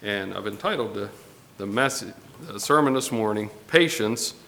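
A man preaching a Sunday morning sermon to his congregation, unhurried and pausing often with fillers. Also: on the low side, lively intonation, sharp tone, a little hiss or hum. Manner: unhurried, pausing with fillers, reading scripture aloud. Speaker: pastor. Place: church sanctuary. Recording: long hall reverb with faint ambience.

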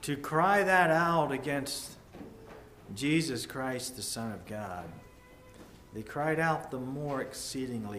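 Male preacher, slow and earnest, rises loud then drops to a hush; echoey church room with faint background hum. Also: fairly high pitch, very animated. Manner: measured, earnest, with sudden swings between loud and hushed. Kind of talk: sermon.

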